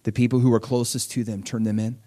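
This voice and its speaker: A man's voice: medium pitch, level tone, fast, mellow. Middle-aged man preaching, earnest and emphatic, loose and conversational, mid-range voice. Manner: earnest, emphatic, often repeats and restarts words. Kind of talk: conversational sermon.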